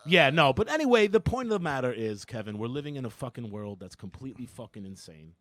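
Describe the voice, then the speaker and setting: Brash, animated comedian with a lively voice. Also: male voice, mid-range voice, fast, no echo. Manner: brash, profane, animated riffing. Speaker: comedian podcast co-host. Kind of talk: casual comedic banter.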